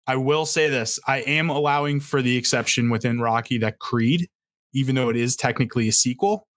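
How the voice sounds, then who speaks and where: A man's voice: on the high side, a bit bright, no room sound, clean studio sound. A man hosting a casual podcast chat over a video call, laughing often and restarting his sentences. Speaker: podcast host running the draft.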